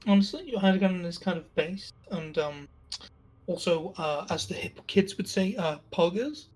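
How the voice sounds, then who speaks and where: An eager, excitable player gushes and jokes around the table during a tabletop game, with a middle-pitched voice. The talk is loose and casual. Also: moderate pace. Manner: excitable, playful.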